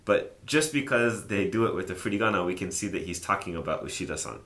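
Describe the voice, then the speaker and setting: A man with a low, deep voice walks through a language lesson in an easygoing, chatty way, pausing often with "uh" and "like." The sound is roomy and echoey. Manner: relaxed, chatty, thinks aloud with many fillers. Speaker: language teacher. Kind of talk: casual explanatory lesson.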